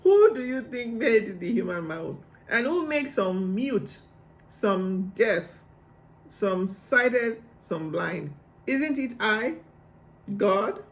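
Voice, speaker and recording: A man's voice: sits high, big pitch swings, slow, exaggerated voice. God as an emphatic commanding man, read by a preacher. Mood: insistent. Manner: emphatic, rhetorical questions. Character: God, commanding and patient divine male voice. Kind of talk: Bible reading aloud.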